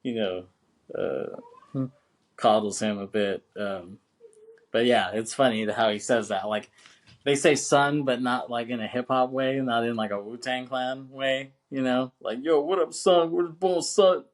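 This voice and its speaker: A man co-hosting a casual film podcast, speaking at an ordinary middle pitch. His talk is loose and chatty, full of laughter, swearing and "you know what I'm saying.". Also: fairly even intonation, measured pace. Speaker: podcast co-host.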